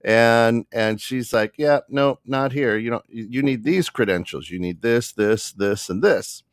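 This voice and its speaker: A man's voice: mid-range voice, a little slow, clean tone, dry recording. A man co-hosting a podcast, telling a story in a casual way and acting out the other people in it. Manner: animated, acts out the other people in his story. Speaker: podcast co-host.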